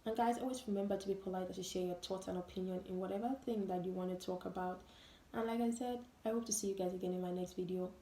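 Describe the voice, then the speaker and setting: A woman's voice: lowish voice, steady tone, fast talker, warm tone, a little hiss or hum. A woman vlogger giving an emphatic, repetitive monologue full of rhetorical questions. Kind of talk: opinion vlog monologue. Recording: roomy echo.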